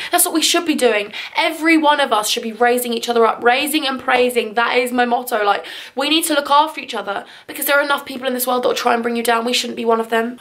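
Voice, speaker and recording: Young woman, higher voice, gushing vlog chatter, a little teary, handheld camera at home. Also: fast, fairly bright tone. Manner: gushing, emotional, upbeat. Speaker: vlogger. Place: home living room.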